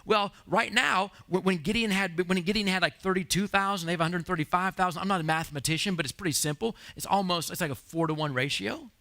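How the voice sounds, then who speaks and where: A male pastor preaching a sermon in a church, telling the story in an animated way with playful acted asides. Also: high voice, quick pace, hardly any pauses. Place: church sanctuary.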